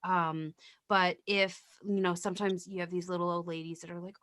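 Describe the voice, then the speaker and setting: A woman's voice: fairly low pitch, steady tone, brisk, fairly bright tone, no echo, studio quality. A woman nurse in casual podcast chat, telling work stories bluntly and swearing freely.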